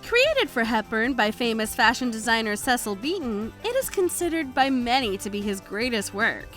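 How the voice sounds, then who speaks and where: Female countdown narrator, bright high voice with lots of movement. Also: sing-song, normal speed, soft background music. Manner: upbeat, emphatic voice-over. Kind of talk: scripted narration.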